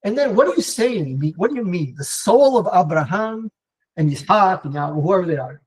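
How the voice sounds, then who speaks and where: A man teaching an online Torah class, talking in a lively, digressive way with many restarts and fillers and mixing in Hebrew terms. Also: high-pitched, brisk, husky. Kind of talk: animated live online lecture answering viewer comments.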